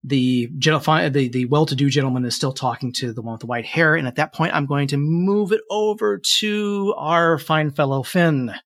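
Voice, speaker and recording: Male game master narrating a fantasy session, unhurried, dry close sound. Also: a little high, no room sound. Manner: relaxed storytelling with frequent fillers.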